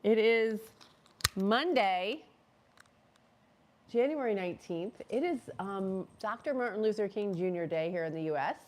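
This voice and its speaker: A woman's voice: medium pitch, animated, a little slow, a little mellow, a little hiss or hum. A woman hosting a casual live stream from her chilly home, chatty and rambling, with many fillers and restarts. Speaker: livestream host. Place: cold home room. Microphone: microphone clipped near her cat.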